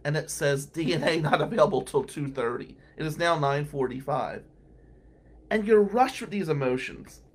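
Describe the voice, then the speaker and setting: A man's voice: on the high side, normal speed. A man telling courthouse stories as a regular on a radio talk show, acting out the people he quotes. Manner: animated anecdotal storyteller, acts out quotes.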